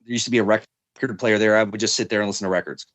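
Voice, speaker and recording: A man's voice: on the low side, fairly even intonation, very fast, fairly bright tone, no room sound. A young man, a podcast guest, telling a story in a casual, rambling way, full of fillers and restarts.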